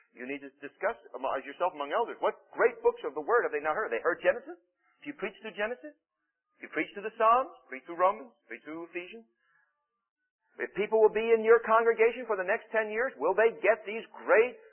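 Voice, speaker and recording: A man gives an emphatic teaching sermon in a fairly high voice, swinging between loud stressed phrases and quiet asides. The sound is narrow and tinny, like a phone line. His tone stays conversational, as if talking straight to the congregation. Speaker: preacher teaching on preaching. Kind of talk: sermon-style teaching talk.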